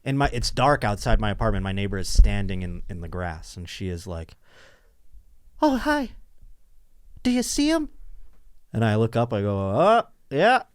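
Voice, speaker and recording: A man on a podcast mic tells a comic story in loose, casual chat. His pitch swings widely as he slips into the voices of the people he describes. The sound is close and dry, with no room around it. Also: brisk, hardly any pauses, clean tone, no echo. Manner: animated storyteller, acts out other people's voices. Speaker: podcast host.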